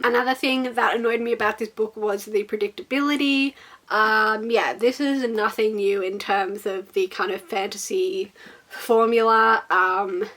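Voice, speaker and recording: A woman's voice: medium pitch, fairly even intonation, moderate pace, a bit bright. A young woman giving a casual, sarcastic book review, exasperated and swearing freely while reading quotes mockingly.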